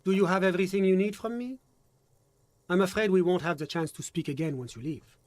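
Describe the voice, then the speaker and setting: A man voicing a polished, evasive male diplomat in a video game, speaking politely and smoothly while dodging questions. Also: high-pitched, fairly quick, a little hiss or hum, lightly acted. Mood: courteous. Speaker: foreign diplomat questioned by a detective.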